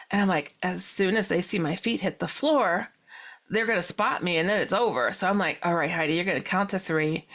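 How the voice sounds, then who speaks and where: A paranormal author appears as a podcast guest, animatedly recounting a personal story. She laughs often and acts out her own past words, her pitch jumping suddenly as she does.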